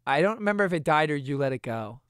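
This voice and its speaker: Streamer in their twenties spinning a funny anecdote, animated and laughing, dry close sound. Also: medium pitch, quick pace, smooth, no room sound. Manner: animated, laughing often, acting out quotes. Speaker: streamer telling a story. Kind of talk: casual storytelling chat.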